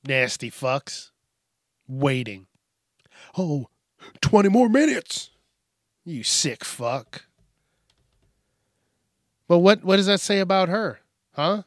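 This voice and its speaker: Slow, profane ranting man with a dry sound. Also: high-pitched, sing-song, dry recording. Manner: profane, sarcastic, exasperated. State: drinking beer. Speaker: host. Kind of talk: ranting news commentary.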